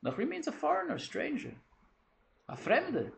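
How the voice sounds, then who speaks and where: A man teaching a lively text study class, quick and animated, mixing in Hebrew and Yiddish terms. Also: extremely high pitch, creaky, reverberant, slight background noise.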